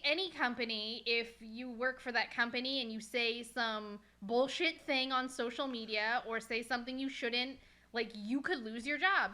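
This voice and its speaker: A woman's voice: fairly high pitch, moderate pace, bright, forceful tone. A woman hosting a casual podcast chat, talking bluntly and swearing freely as she rants. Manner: blunt and profane, ranting. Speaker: podcast host.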